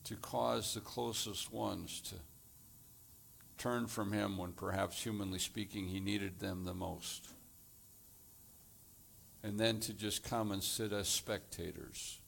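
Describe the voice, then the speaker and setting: A man preaching a sermon as pastor, deliberate and measured, delivering his points in short phrases. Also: on the low side, steady tone, creaky, a bit bright, slight background noise.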